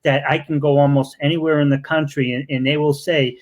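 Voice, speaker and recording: A man's voice: a little high, level tone, fairly quick. A man with a Boston accent hosting a live interview, talking in an effusive, rambling way with lots of fillers. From Massachusetts. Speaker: interview host. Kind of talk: casual live interview chat.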